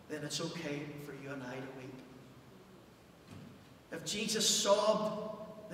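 A male pastor preaching a passionate sermon in a church, surging loud and then falling almost to a hush. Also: high voice. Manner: impassioned preaching, rising and dropping to near hush. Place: church hall. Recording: echoey church hall, distant mic, faint hum.

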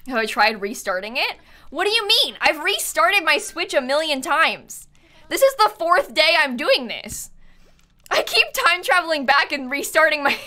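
A woman streaming a game live, chatting to her viewers in an excitable way, laughing often and shouting in exasperation. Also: sits high, normal speed. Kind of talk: live-stream chat while gaming.

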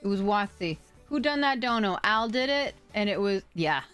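A young adult woman live-streaming, chatting excitedly with her viewers, thanking donors, swearing and laughing. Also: mid-range voice, moderate pace, smooth. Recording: faint music behind.

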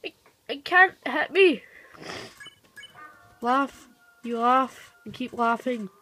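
A woman giving casual let's-play commentary, reading the on-screen text aloud and reacting quickly. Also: high voice, animated, bright, forceful tone, low-quality recording. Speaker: gamer. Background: game music.

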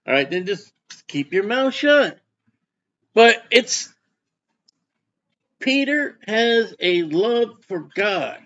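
Man, pastor, folksy sermon, asks the congregation questions, slightly high voice, lo-fi sound. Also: fairly bright tone.

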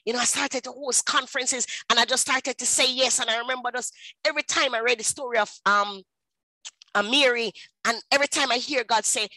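A woman in her thirties with a Jamaican accent, telling her personal testimony in an animated storytelling way and slipping into patois. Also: a little high, fairly quick, no echo, rough recording. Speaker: speaker at a women's ministry.

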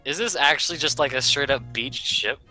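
A man's voice: medium pitch, brisk, pushed and bright, faint music behind, poor audio. A man playing in an online tabletop game, chatting casually with joking, sarcastic asides. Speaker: player.

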